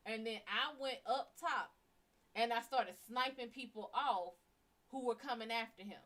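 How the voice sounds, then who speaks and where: A woman hosting a live psychic stream, telling a story casually, with blunt, heavily profane and animated delivery. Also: fairly high pitch, measured pace.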